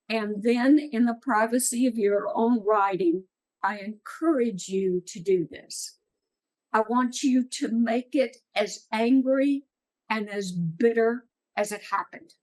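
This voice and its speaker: Slow, earnest woman teaching writers. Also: fairly high pitch, low-quality recording. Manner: earnest, encouraging, unhurried. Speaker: writing workshop speaker. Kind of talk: writing workshop talk. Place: meeting room.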